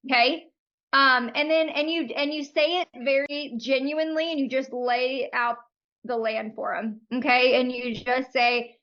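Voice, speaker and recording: A woman's voice: sits high, steady tone, moderate pace, fairly bright tone, muffled recording. A woman coaching photographers on a live video call, talking in a friendly, frank and chatty way.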